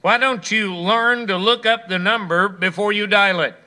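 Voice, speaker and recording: A man's voice: high voice, fairly even intonation, moderate pace, sharp tone. A man voicing an irritated stranger on the telephone who snaps at a repeat caller. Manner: snapping, indignant. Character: irritated gruff man on the phone.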